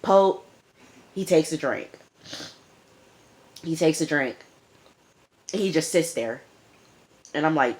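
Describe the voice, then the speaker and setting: A young woman recapping a TV episode in casual chat, animated and emphatic, repeating lines for effect. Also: low voice, slow, long pauses. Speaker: TV show reviewer.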